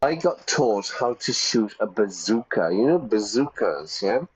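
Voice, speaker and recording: A man's voice: on the low side, very animated, unhurried, a little hiss or hum, low-quality recording. A man teaching English while streaming a game, chatty, explaining with examples and checking in with "yeah?".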